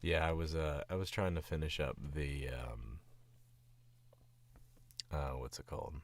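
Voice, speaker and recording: Super deep gravelly southern guy rambling on stream, sick and sleepy, lots of fry. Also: a little slow. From Southern United States. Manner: rambling, chuckling asides. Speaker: voice actor streaming his work. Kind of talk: casual stream chat.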